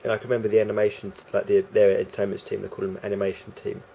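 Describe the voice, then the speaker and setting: A man's voice: fairly low pitch, monotone, rapid-fire, vocal fry, dark tone, muffled recording, slight background noise. A man rambling through a casual vlog monologue, hesitant and full of restarts and fillers. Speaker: vlogger.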